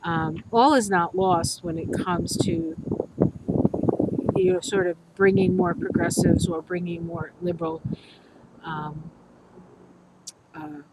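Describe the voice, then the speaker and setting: Chatty lower-voiced woman, rambling. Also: takes it slowly, long pauses, very noisy. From United States. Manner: chatty, rambling, many ums and restarts. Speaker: astrologer and tarot reader. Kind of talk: casual monologue to viewers. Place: healing center room.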